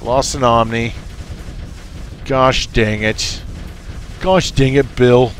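A man's voice: mid-range voice, steady tone, takes it slowly, slight background noise. A man casually commenting on his strategy game, bossing his units around and joking with them. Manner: goofy, talks to his units. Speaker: gameplay commentator. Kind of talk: casual let's play commentary. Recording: faint game music and artillery behind.

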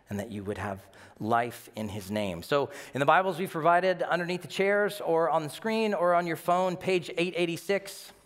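A man preaching a sermon as senior pastor, telling stories in a lively way and acting out what the people in them say. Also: a little high, in a large hall. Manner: animated storytelling, acting out quotes. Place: church sanctuary.

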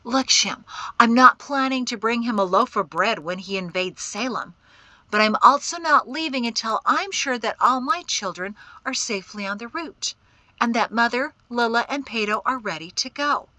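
A woman reading an audiobook, voicing a calm and determined young woman who refuses to leave her home. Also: on the high side, moderate pace, dry recording, pitched above the performer's own voice. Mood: resolute. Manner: cool and resolute.

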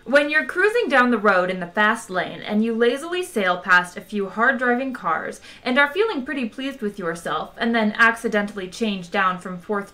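A woman reading a novel aloud as narrator, measured and even. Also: mid-range voice. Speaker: audiobook reader. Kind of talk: scripted narration.

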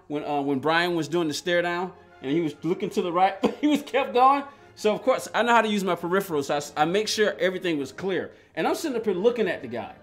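A man live-streaming a racing game talks in a high, bouncy voice that swings widely in pitch. He tells stories in loops, restarting and repeating phrases, then turns to read and answer his chat. Faint game music plays underneath. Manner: rambling, repetitive storytelling with frequent restarts; reads and answers chat aloud. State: agitated while recounting.

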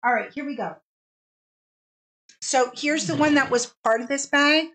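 A bubbly woman hosts a casual live shopping stream, talking fast and warmly to viewers. Her voice sits a little high, and she lingers on each product name as she holds it up. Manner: bubbly, chatty, draws out product names. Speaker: live sale host.

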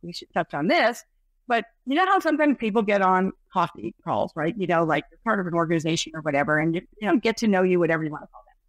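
A woman's voice: fairly low pitch, animated, fast, no echo. Woman, podcast host, chatty, lots of fillers, dry close sound. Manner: chatty, many fillers like right and you know. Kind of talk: podcast interview.

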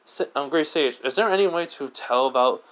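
A man's voice: fairly high pitch, fairly quick, fairly bright tone, close to an everyday voice, low-quality recording. A man voicing a young male ninja reborn as a slime, speaking mildly and casually with hesitant fillers.

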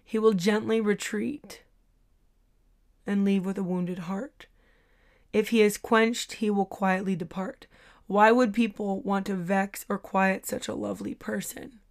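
Slow, earnest woman teaching faith. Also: medium pitch, steady tone, creaky. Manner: earnest, hesitant, many filler sounds. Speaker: Christian teacher. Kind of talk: devotional teaching talk.

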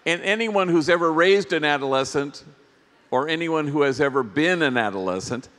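A priest giving a workshop talk at a conference, telling stories in a gentle, reflective way with pauses. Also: male voice, a little high. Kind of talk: storytelling keynote talk. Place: large conference hall. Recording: long hall reverb.

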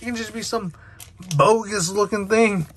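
A young man chatting excitedly with lots of filler words while opening trading card packs. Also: high-pitched, normal speed, slight background noise. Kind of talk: casual unboxing commentary.

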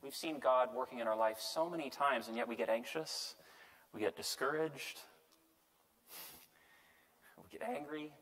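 Joking priest teaching in an echoey hall. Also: male voice, medium pitch, unhurried, pauses often. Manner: lively and joking, tags lines with "right?" and acts out quotes. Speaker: priest teaching a Bible class. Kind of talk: casual Bible lecture.

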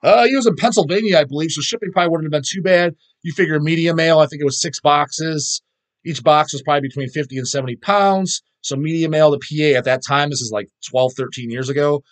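Man, middle-aged, quick rambling delivery, heavy swearing, casual vlog chat. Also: fairly high pitch. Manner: rambling, profane, swears constantly. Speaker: channel host answering viewer questions.

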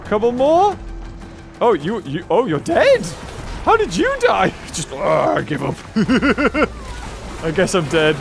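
Excitable high-voiced gamer. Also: male voice, slow pace, gravelly. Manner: excitable, chatty, talks to enemies, frequent yelps and laughs. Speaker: gameplay commentator. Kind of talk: let's play commentary. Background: game music.

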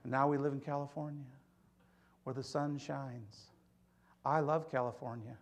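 A man's voice: mid-range voice, fairly even intonation, normal speed. A middle-aged man from Michigan preaching a conversational sermon as pastor, telling stories and prodding the congregation for amens. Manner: chatty storytelling, prods the congregation for amens. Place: church sanctuary.

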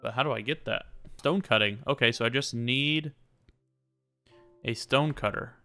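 A young man casually commenting while he plays a game, chatting to the game characters and turning suddenly loud when surprised. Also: medium pitch, normal speed. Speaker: gaming YouTuber. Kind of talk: casual let's-play commentary. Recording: faint music behind.

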